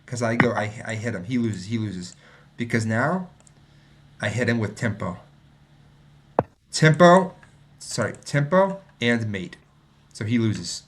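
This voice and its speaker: A man streams his own chess game, thinking out loud and muttering as he plays and reviews it. His medium-pitched voice moves at an unhurried pace with frequent pauses, and he sometimes mocks his own errors or gets excited.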